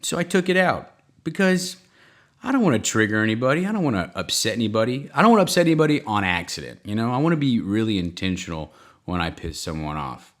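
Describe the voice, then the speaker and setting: A man hosting a comedy podcast, telling self-mocking stories in a rambling way, with sudden jumps in pitch. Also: sing-song, brisk, a bit bright. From United States. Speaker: podcast host. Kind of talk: comedic solo monologue.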